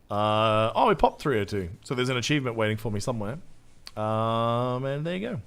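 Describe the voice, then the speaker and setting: A man's voice: medium pitch, animated, brisk, fairly bright tone. An Australian man streaming a game, chatting casually with his viewers in a jokey, self-mocking way and swearing freely. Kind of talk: live gameplay commentary, reading chat.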